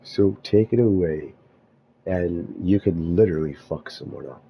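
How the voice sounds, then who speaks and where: A man musing aloud in a meandering spiritual monologue, halting often and restarting his thoughts. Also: low-pitched, dull audio, a little hiss or hum.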